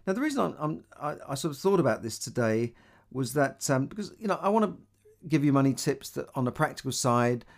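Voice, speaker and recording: A man's voice: mid-range voice, sing-song, fairly quick, vocal fry. Middle-aged Cockney man giving money advice. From London, England. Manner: rambling, conversational, many fillers and restarts. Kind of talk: casual monologue.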